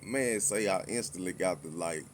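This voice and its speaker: A man's voice: low voice, normal speed, a little hiss or hum. A man co-hosting a podcast, talking in a laid-back, drawling way full of fillers. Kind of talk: casual podcast chat.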